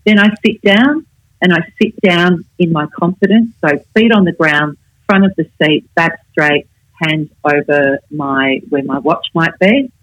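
An older woman, a communication coach, explaining her advice in a measured, instructive way in a casual interview. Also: sits low, no room sound, dull audio.

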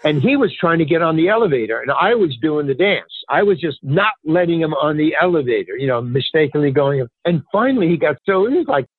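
A man's voice: fairly high pitch, brisk, hardly any pauses, breathy edge, no room sound. An older man and stand-up comedian, telling stories casually in an interview and acting out other people's lines. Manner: animated, acts out other people's lines in raised voices. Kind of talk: casual anecdotal storytelling in an interview. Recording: dry, phone-like narrow sound.

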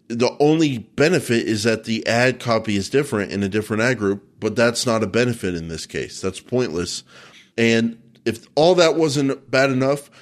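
A man from Oklahoma co-hosting a casual show, giving blunt and emphatic opinions with playful mockery. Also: mid-range voice. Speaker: co-host and expert.

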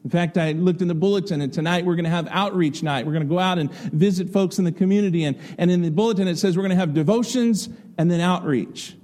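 A middle-aged pastor preaching a conversational, folksy sermon full of stories and rhetorical questions. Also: male voice, high-pitched, fast, hardly any pauses, a little mellow.

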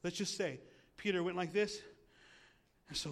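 A male pastor preaching a sermon in a church, animated and jokey, asking the congregation questions. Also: high voice, normal speed, gravelly, long pauses.

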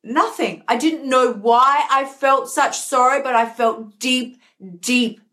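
A woman with a somewhat high voice talks to her listeners candidly, confiding and emotional. She leans on repeated words for emphasis, speaking as the host of her own show. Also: fairly even intonation, slow, pushed and bright. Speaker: podcast host. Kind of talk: candid personal talk. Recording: live stream.

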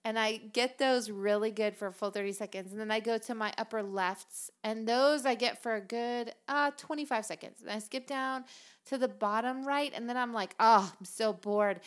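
A woman's voice: on the high side, moderate pace. A woman co-hosting a casual podcast at home, playful and teasing, laughing often. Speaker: podcast co-host. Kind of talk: casual chat. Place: home kitchen table.

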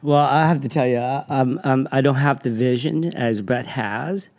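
A middle-aged podcast host tells stories with a lot of energy. He swears freely and laughs along with his own anecdotes. His voice sits in a plain middle pitch. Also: normal speed, a little mellow. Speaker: podcast host and gym owner. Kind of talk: casual storytelling.

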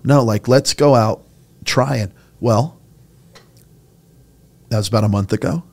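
A middle-aged man who leads a church, talking in a relaxed interview. His voice sits at an ordinary middle pitch. He tells his story earnestly and with passion. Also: slow pace, creaky. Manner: earnest, impassioned storytelling, gets choked up. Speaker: senior pastor. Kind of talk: conversational podcast interview.

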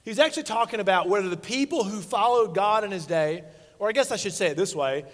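A pastor in his forties preaches a sermon from a church sanctuary stage, playful and conversational, acting out quotes. His voice is high, fast and expressive, and the recording carries the long reverb of a large hall.

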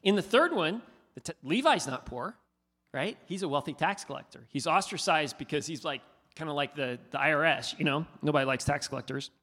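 A man preaching a sermon, asking his listeners questions in an animated, conversational way. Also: fairly high pitch, a little fast. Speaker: pastor. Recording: hall reverb.

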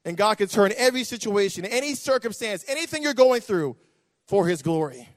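High-voiced preacher in a reverberant hall. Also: male voice, expressive, fairly quick. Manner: impassioned, repetitive, swings from hushed to shouting. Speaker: pastor. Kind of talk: sermon testimony. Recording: long reverb of a large hall.

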